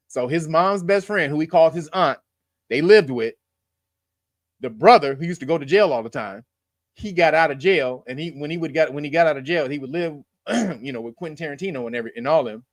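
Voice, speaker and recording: A man's voice: fairly high pitch, expressive, brisk, no echo, studio quality. A man hosting his own channel, giving casual political commentary in a loose, profane, joking way and laughing at his own lines. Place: lives in California.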